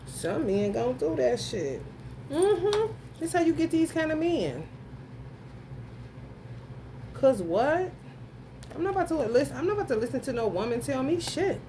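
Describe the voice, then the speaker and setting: Woman, casual astrology reading, high-pitched, slow-paced, blunt, profane, talks straight to viewers. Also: very animated, warm tone, slight background noise. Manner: blunt, profane, emphatic, addresses viewers directly; breaks into frequent laughter and exclamations. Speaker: tarot reader.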